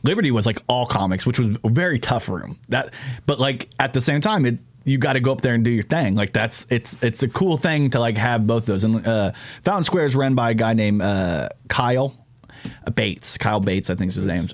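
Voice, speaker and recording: Fast-talking casual male podcast host. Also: medium pitch, lively intonation, no room sound. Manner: rambling, profane, jokey. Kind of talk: casual chat.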